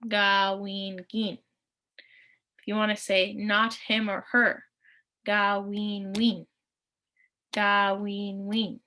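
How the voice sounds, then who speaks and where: A woman's voice: medium pitch, a bit bright. A woman teaching a recorded language lesson, repeating each word patiently with frequent ums.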